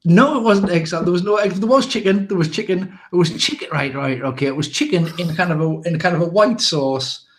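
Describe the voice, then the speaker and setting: English man, show host, jokey, rambling, slightly high voice. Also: fairly quick, hardly any pauses. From England. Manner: rambling, jokey, with many restarts. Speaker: podcast host. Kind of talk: casual live show chat.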